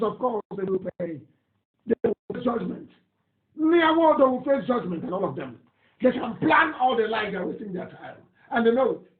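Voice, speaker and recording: A man with a Nigerian accent giving a live radio broadcast, reading listener messages in an emphatic, indignant, repetitive way. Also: very high voice. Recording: tinny phone-like audio, echoey room.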